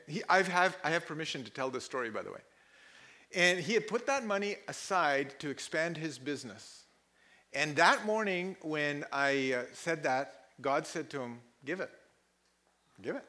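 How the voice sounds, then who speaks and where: Pastor mid-sermon, animated storyteller, bright and a touch high. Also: male voice. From Pakistan. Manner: animated, laughing, acts out quoted people loudly.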